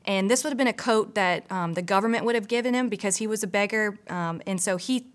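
A woman's voice: mid-range voice, quick pace. A woman from a church staff giving a casual, earnest devotional, full of "you know" asides. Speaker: church pastor or staff member. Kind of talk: conversational devotional teaching.

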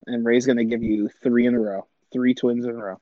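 A man's voice: mid-range voice, little pitch movement, a little fast, dry recording, muffled recording. A young man chatting casually with friends, slangy and swearing, calling everyone bro.

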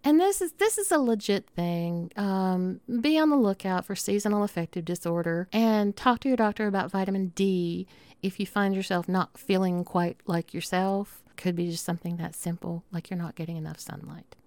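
A woman's voice: mid-range voice, normal speed, darkish tone, no room sound. A middle-aged woman with a Southern accent hosting her podcast in a chatty, affectionate, rambling way. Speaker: podcast host. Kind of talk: casual monologue.

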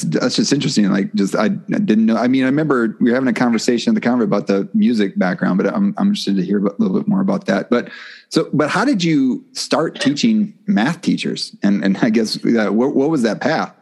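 A man's voice: lowish voice, brisk, gravelly, darkish tone, slightly rough. Upbeat announcer-voiced podcast host, man. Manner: upbeat announcer-style delivery. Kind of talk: podcast interview.

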